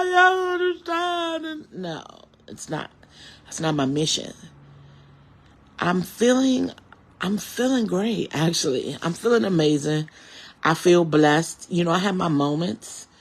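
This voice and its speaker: A man in his forties with a husky, gravelly voice delivers a personal monologue to his viewers. He is earnest and reflective, speaking with steady faith rather than performing jokes. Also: a little high. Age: 40s. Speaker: comedian.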